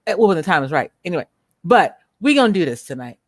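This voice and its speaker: A woman hosting a livestream, speaking bluntly and with profanity as she rants at viewers, slowing down to stress her words. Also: fairly low pitch, big pitch swings, no room sound, studio quality. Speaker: livestream host. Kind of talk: unscripted livestream commentary.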